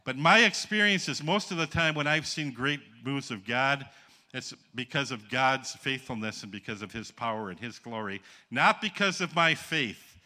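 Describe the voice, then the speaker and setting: A man's voice: medium pitch, lively intonation, normal speed, sharp tone. A man from the Upper Peninsula of Michigan preaching a sermon, telling folksy stories and calling out to the congregation for answers. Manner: folksy, jokes with the congregation and calls for responses.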